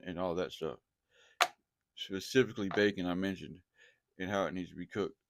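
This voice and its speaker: A man who preaches casually to his viewers, animated and repeating himself as he talks straight at them. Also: fairly low pitch, a little hiss or hum. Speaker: online preacher.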